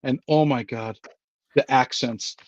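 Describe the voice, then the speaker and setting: A man co-hosting a casual movie podcast, ranting in an animated, self-mocking way. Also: medium pitch, unhurried, no echo, lo-fi sound. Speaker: podcast co-host. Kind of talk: casual movie ranking chat.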